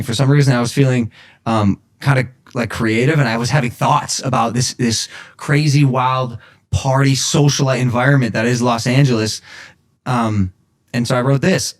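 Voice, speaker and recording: Young man, podcast host, casual chat, rambling, restarts often. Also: mid-range voice. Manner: rambling with many restarts and fillers.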